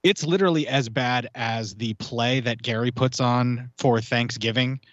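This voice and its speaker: A man's voice: medium pitch, unhurried, dry recording, highs cut off. An American man in his forties, a podcast guest talking heatedly and swearing in casual chat. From United States. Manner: heated, swearing, rambling rants.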